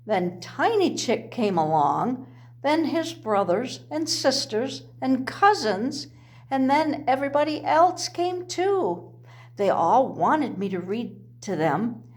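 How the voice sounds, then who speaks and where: A fretful little owlet boy, whining about being squashed and treated unfairly, his voice pitched a touch high and swooping all over, played by a woman reading aloud. He drags his complaints out slowly. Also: lively intonation. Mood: aggrieved. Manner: whiny, complaining. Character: small young male owl, easily upset.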